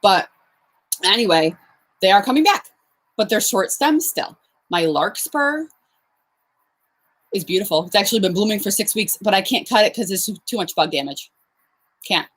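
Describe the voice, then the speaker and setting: A young woman, a flower farmer, chatting casually on a live stream, answering viewer questions with lots of fillers and quick laughs. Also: mid-range voice, a bit bright. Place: outdoors on a farm.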